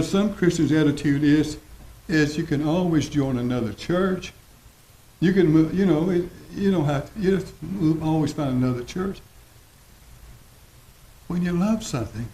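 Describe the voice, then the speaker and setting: A man preaching a sermon as pastor, folksy and repetitive, slowing down to stress his points. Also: a little high, mellow. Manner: folksy preaching, repeats phrases, slows for emphasis. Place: church sanctuary. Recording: roomy church echo.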